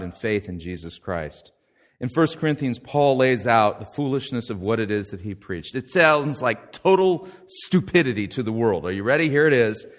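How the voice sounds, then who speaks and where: A man preaching a sermon in a folksy, conversational way, swinging from quiet asides to loud, emphatic quoted lines. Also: lowish voice. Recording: long hall reverb.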